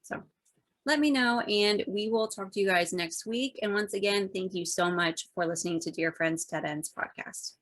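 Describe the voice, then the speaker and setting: A woman's voice: lowish voice, fairly even intonation, moderate pace, few pauses, fairly bright tone, no echo. A woman co-hosting a podcast in casual, rambling chat with lots of fillers. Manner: chatty, rambling, many fillers. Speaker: podcast co-host.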